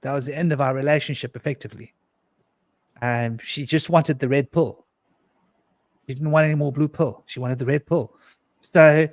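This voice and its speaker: Male panelist, earnest storyteller, stumbles and repeats himself, voice sits a bit high. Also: dry recording. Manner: earnest, intense storytelling with frequent restarts and repetitions. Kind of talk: recounting a personal mystical experience in a panel discussion.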